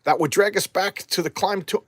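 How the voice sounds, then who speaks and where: A man's voice: high voice, fairly quick, dry recording, pitched above the performer's own voice. A man voicing a lofty, scornful male sorcerer lord in a grand, declaiming way. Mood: haughty.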